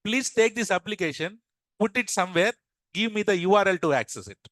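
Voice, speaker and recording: Brief: man voicing a pleading young client, raised and bright. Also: sits high, expressive, fairly quick, dry recording, clean studio sound. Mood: calling out. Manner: loud, pleading calls to a crowd. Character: young male client calling out in a market.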